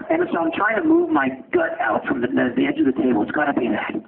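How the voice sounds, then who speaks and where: A man teaching a medical class who asks quick questions and answers them himself, with blunt joking asides. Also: very high voice, wildly swooping pitch, vocal fry. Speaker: medical lecturer. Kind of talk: lecture with questions to students. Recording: tinny lo-fi lecture recording with faint hiss.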